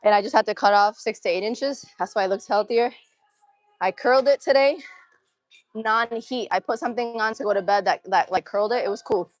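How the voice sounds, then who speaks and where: A woman's voice: medium pitch, a little fast. A young woman streaming live from a gym, slightly winded as she chats with her viewers and counts out reps. Her voice is dry and close, with no room echo, and she talks in a loose, casual way. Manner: casual, chatty, counts reps and cues form between sets. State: out of breath. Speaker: fitness streamer.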